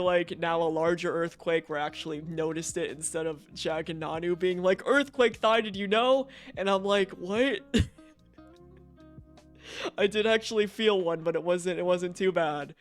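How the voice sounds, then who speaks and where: A young man streaming from home, chatting casually and swearing freely with frequent laughs. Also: high-pitched. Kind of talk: casual live-stream chat.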